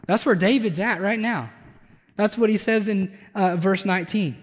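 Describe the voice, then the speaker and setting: A man's voice: sits high, normal speed, big-room sound. A man preaching a conversational sermon as pastor, building up intensity on his emphatic points. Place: church sanctuary.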